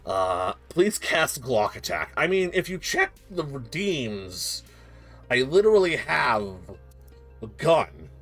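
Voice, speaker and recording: A man's voice: medium pitch, very animated, slow pace, a bit bright, soft background music. A man streaming as game master, chatting casually before the session, rambling and self-mocking, joking and swearing freely.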